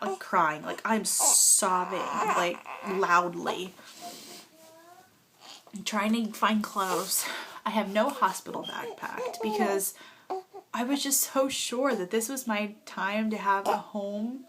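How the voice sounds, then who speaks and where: A woman's voice: mid-range voice, lively intonation, takes it slowly, a crowd in the background. Young mom rambling thru her birth story at home, teary and emotional, lots of likes and ums. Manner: emotional, rambling with many fillers, tearful at times; holding a nursing baby while talking. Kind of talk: casual storytelling vlog.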